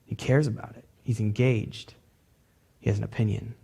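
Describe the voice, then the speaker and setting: A man preaching a sermon in a relaxed, conversational way. His voice is dark and gravelly, with a husky edge. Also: lowish voice, normal speed. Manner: conversational, loose with "like" fillers. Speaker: pastor.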